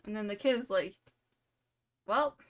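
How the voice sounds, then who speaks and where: A woman's voice: mid-range voice, brisk, a bit bright. A young woman streamer telling a rambling, playful made-up story full of "like" and "you know".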